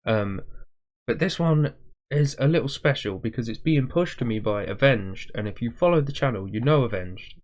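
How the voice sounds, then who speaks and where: A man hosting a music reaction video, chatting casually with viewers in a rambling way, with a slightly rough morning voice. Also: mid-range voice, a little mellow. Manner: rambling, chatty, self-aware waffling.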